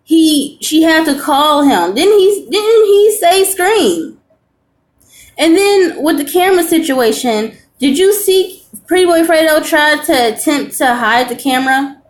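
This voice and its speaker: Woman, young adult, reaction host, high voice, earnest, repeats for emphasis. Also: animated, measured pace. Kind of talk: casual commentary.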